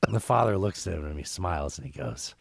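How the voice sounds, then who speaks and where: A man putting on a raspy, gravelly comedian voice to tell a long, filthy joke with dramatic, halting repetitions. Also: deep voice, lively intonation, voice pushed down, full character voice. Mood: gleeful storytelling. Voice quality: gravelly at times. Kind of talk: impression while telling a joke.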